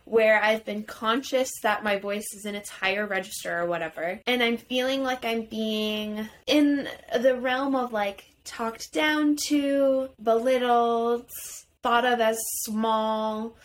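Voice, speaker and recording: A woman in her twenties with a high, youthful-sounding voice, co-hosting a casual podcast chat, animated and full of "like" fillers. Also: takes it slowly. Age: 20s. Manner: animated, rises higher when excited, many "like" fillers. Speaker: podcast co-host.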